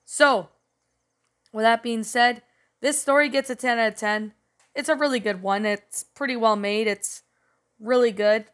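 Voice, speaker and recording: A woman hosting a spooky-story channel, giving a rambling casual review, her voice a little rough as if she is sick. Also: on the high side, unhurried, long pauses, fairly bright tone. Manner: rambling, leans on "you know" and "um". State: voice rough, sounding a bit sick. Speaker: creepypasta channel host.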